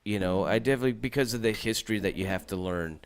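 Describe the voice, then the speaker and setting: A man hosting a podcast in relaxed conversation with friends. He stumbles over repeated words, swears freely and gets animated when he gets going. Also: lowish voice, fast talker, smooth. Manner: stammering, profane, animated. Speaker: podcast host. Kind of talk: casual chat.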